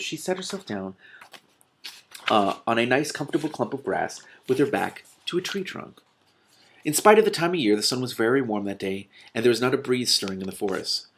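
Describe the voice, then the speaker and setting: A man reading a children's novel aloud, breaking off with animated, exclaiming reactions. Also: medium pitch, slight background noise. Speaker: reader and commentator.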